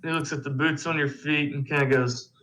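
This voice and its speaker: A man narrating as game master of a tabletop game, describing scenes in a relaxed, loose way with plenty of fillers. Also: on the high side, brisk, rough recording.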